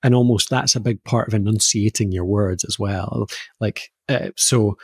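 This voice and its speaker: A Scottish man co-hosting a podcast, easily explaining voice warm-ups and playfully demonstrating vowel sounds. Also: on the low side, moderate pace, vocal fry, slightly rough, no echo, studio quality. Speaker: podcast co-host explaining voice skills. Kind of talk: casual podcast chat.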